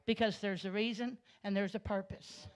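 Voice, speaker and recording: A woman from Arkansas stands in a church sanctuary and gives her testimony as a Pentecostal sermon. She tells her story at a steady storyteller's pace, then swells into loud, passionate preaching. Her voice sits at an ordinary middle pitch. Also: moderate pace. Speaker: guest speaker giving testimony.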